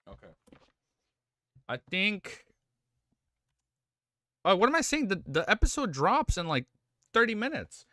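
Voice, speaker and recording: Lively bright-voiced male streamer. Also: high voice, unhurried, long pauses, no echo, clean studio sound. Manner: rambling, swearing, reads chat aloud. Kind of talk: casual live-stream chat.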